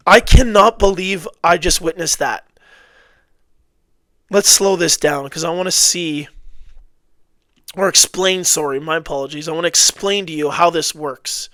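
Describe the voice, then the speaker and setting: Male film-breakdown host, high-pitched, blunt and exasperated, dry close mic. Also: unhurried, long pauses, no room sound. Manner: blunt, animated, exasperated outbursts with self-corrections. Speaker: football film analyst. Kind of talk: casual film breakdown commentary.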